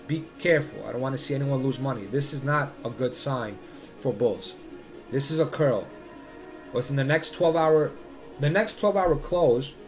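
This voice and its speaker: A man hosting his own channel, talking through charts in casual commentary. He sits in a mid-range voice and leans hard on repeated warnings, cursing freely as he goes. Soft music plays faintly behind him. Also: medium pitch.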